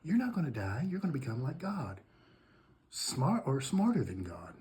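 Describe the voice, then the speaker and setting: A man's voice: mid-range voice, wildly swooping pitch, moderate pace, a little mellow. A man voicing a crafty male serpent tempter in a hissing, coaxing whisper. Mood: sly coaxing. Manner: coaxing, wheedling.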